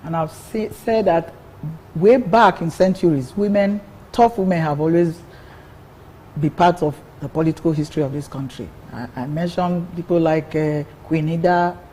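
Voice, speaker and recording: Older woman, mellow earnest voice. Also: low voice, moderate pace, slight background noise, poor audio. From Nigeria. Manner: earnest, repeats words while building a point. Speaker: interview guest, politician. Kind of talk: interview answers.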